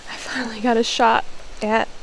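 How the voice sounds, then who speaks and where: A woman bow hunter speaking outdoors right after a shot, shaky, breathless and tearful with excitement. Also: fairly high pitch, moderate pace, a little hiss or hum, low-quality recording. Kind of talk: live reaction after a hunt. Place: outdoors at a hunting stand.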